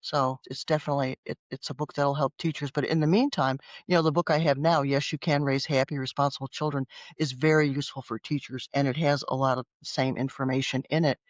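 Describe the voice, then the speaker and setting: Animated woman guest on dull audio. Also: very deep voice, quick pace, hardly any pauses, dry recording. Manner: animated, acts out voices in her anecdotes. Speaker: guest author and former teacher. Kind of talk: conversational interview storytelling.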